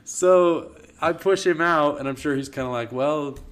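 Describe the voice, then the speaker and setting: A man's voice: on the high side, moderate pace, smooth. A young man casually telling a long, funny personal story on a podcast. He laughs often and restarts his sentences a lot. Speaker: storyteller guest.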